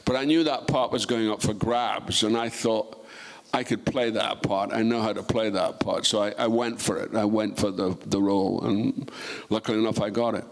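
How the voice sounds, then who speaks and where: A man's voice: on the low side, fairly even intonation, normal speed, gravelly. An older man, a guest actor on a festival stage, telling career stories in a rambling way, full of restarts and asides. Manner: rambling, full of restarts and "you know", acting out quoted voices. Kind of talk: relaxed career storytelling on stage.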